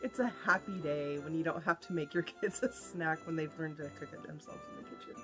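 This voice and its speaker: A woman's voice: sits low, a little fast, over music. A woman from the United States hosting a podcast about knitting, chatting in an easygoing way. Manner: chatty and easygoing, with frequent fillers. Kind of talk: casual podcast chat.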